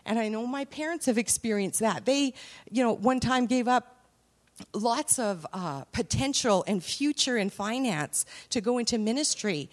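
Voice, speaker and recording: A woman's voice: on the high side, animated, moderate pace. A woman preaching a sermon in a conversational way, mixing scripture with family anecdotes and rising to emphatic peaks.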